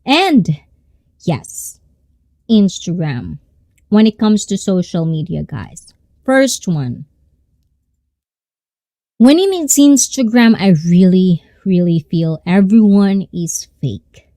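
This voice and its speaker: A woman's voice: medium pitch, very animated, slow pace, pauses often, mellow, no echo. A woman chatting casually and rambling to viewers on her live stream. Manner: rambling, conversational.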